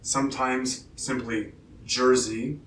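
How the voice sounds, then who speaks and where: A man from Kansas, teaching pronunciation in a slow lesson and repeating each word clearly. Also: mid-range voice, steady tone, a bit bright, a little hiss or hum. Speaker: English teacher. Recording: echoey room, distant mic.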